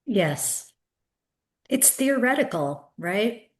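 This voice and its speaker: A woman hosting a podcast interview who speaks in a measured, thoughtful way, with hesitations and some throat-clearing. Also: a little high, big pitch swings. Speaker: podcast host. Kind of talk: interview conversation.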